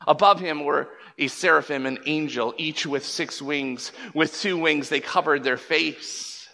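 A man's voice: fairly high pitch, a little slow, vocal fry. Emphatic preacher man in an echoing hall. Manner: emphatic, swings between loud bursts and hushed lines. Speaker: pastor. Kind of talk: sermon. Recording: long reverb of a large hall.

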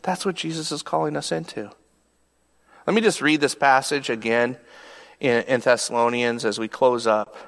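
A man's voice: mid-range voice, fairly even intonation, moderate pace, vocal fry, a bit bright. A man preaching a sermon in a conversational, emphatic way, often asking rhetorical questions. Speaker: pastor. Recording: long hall reverb.

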